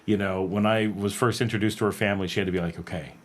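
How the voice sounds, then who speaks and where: Low-voiced American man, casual livestream chat. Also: quick pace. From North America. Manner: rambling, animated, laughs often, many fillers. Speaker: livestream host. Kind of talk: casual chat reading viewer comments. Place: home in Nicaragua.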